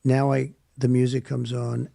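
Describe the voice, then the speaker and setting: A man's voice: mid-range voice, completely flat delivery, a little slow, gravelly, warm tone, no room sound. An older man giving rambling, repetitive interview answers on a podcast, often interrupting himself. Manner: meandering, repetitive, self-interrupting. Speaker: podcast guest.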